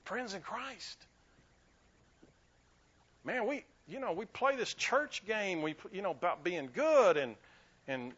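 A man preaching a sermon with a high, bright, sharp voice. His pitch swings widely as he hammers home repeated lines and calls the church to answer back. The recording is dull and lo-fi. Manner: preaching with rising fervor, repeating lines for emphasis; leads the congregation in call and response. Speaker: pastor. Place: church sanctuary.

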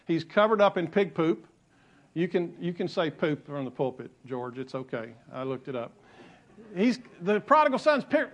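A male pastor preaching a sermon in a conversational way, repeating key phrases and adding light asides. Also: high voice.

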